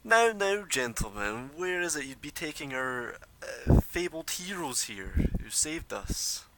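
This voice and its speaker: A man voicing a hooded, bearded male dwarf mage who talks in a smooth, coaxing, ingratiating way. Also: mid-range voice, big pitch swings, measured pace, a bit bright, a little hiss or hum, voice pushed up, poor audio.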